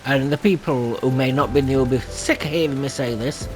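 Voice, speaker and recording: A man's voice: mid-range voice, fairly quick, darkish tone. A man chatting casually over gameplay as a channel host, self-deprecating and prone to laughing at himself. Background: faint game music.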